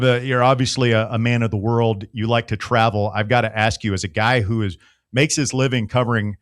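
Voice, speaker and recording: A man's voice: fairly low pitch, clean tone, dry recording, clean studio sound. A man hosting a sports radio show, upbeat and joking with his guest. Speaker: radio host.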